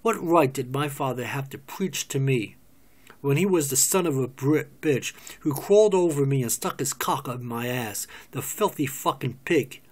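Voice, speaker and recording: A man's voice: medium pitch, animated, moderate pace, darkish tone, close to an everyday voice. This is a bitter, desperate woman, read by a man in a play reading. She sounds anguished, and her hurt keeps erupting into raw fury. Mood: bitter outburst. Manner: anguished, outbursts of raw anger.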